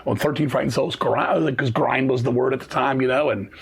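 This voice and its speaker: A man talks at a rapid clip, his husky voice running through a long story. He swears freely and acts out what other people said in his anecdote. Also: mid-range voice. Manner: profane, rapid, animated storytelling, acting out quoted dialogue. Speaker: guest musician. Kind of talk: casual interview storytelling.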